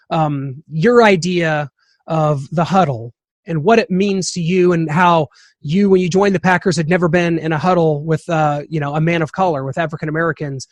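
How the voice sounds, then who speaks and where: A man's voice: fairly high pitch, dry recording, studio quality. A man hosting a radio interview, asking long, rambling questions padded with fillers and hedges. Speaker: radio show host.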